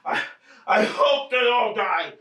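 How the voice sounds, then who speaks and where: A man's voice: high voice, expressive, slow pace, pushed and bright, exaggerated voice. A man playing a blustering, nervous husband. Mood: agitated. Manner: blustering, swears and rants. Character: irritable, nervous husband after a burglary. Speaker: stage actor. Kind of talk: stage play performance. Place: theatre stage. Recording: roomy stage sound from a distant mic.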